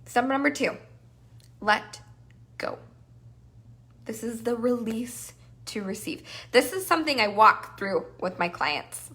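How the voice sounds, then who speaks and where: A woman business coach teaching a live masterclass, animated and playful, acting out the voices in people's heads. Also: fairly high pitch, slow pace, pauses often.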